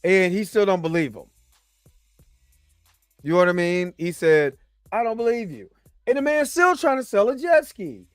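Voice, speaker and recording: Male host, high voice, lively and jokey, dry close sound, soft music underneath. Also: normal speed, long pauses, clean tone, dry recording. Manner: animated, joking, talks to the audience. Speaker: host and movie reviewer. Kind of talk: casual reaction review.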